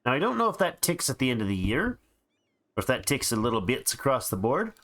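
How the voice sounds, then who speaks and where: A man's voice: mid-range voice, very animated, quick pace, a bit bright. A tired man hosting a let's play, thinking aloud in casual game commentary with frequent restarts. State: tired and yawning.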